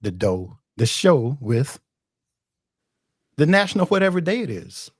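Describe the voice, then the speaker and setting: A man's voice: mid-range voice, big pitch swings, a little slow, slightly rough, dry recording. Laughing teasing man, dry close sound. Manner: teasing, scolding, laughs while talking. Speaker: podcast co-host. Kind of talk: casual chat.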